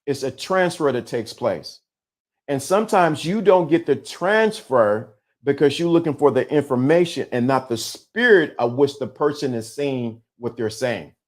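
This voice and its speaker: A man's voice: medium pitch, lively intonation, unhurried. A middle-aged man hosting a live-streamed talk, speaking with emphatic repetition and a preacher-like cadence. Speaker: host.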